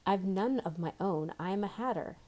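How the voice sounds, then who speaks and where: A woman's voice: mid-range voice, moderate pace, darkish tone, natural voice. A woman reading the part of a nervous, fidgeting male hatter on trial, speaking with a stammer and a trembling voice.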